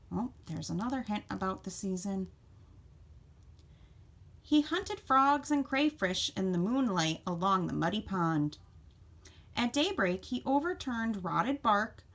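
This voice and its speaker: A woman teacher reading a picture book aloud to children, expressive and asking them questions along the way. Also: mid-range voice. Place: home.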